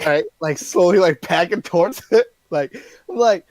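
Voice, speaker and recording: A man playing a tabletop role-playing game, chatty and pleading, quick to laugh. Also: high voice, darkish tone, dry recording. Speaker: player. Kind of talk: in-character table talk.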